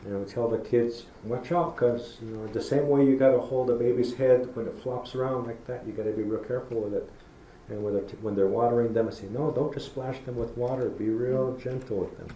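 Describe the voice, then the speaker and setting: A man's voice: mid-range voice, fairly even intonation, brisk, few pauses, mellow. A middle-aged man giving a public talk, telling folksy stories and acting out how he talks to children. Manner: storytelling, folksy, acts out talking to kids. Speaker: public lecturer. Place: university lecture hall. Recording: echoey lecture hall with faint noise.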